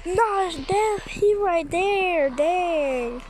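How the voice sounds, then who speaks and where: A woman giving casual, excitable commentary while playing a scary game, gasping and jumping at every scare. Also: extremely high pitch, extremely slow, noisy background. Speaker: gaming streamer.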